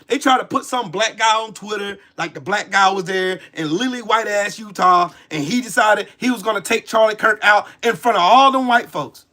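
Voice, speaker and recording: Forties male streamer, heated and cursing, raised pitch, sharp edgy tone. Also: normal speed, few pauses. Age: 40s. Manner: profane, heated, repetitive. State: pissed off with a headache. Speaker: political commentary streamer. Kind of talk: angry ranting commentary.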